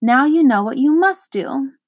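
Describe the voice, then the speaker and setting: A woman voicing a gruff, stern watchdog that scolds and barks in a storybook reading. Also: high voice, lively intonation, a little slow, no room sound, studio quality. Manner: barking, scolding.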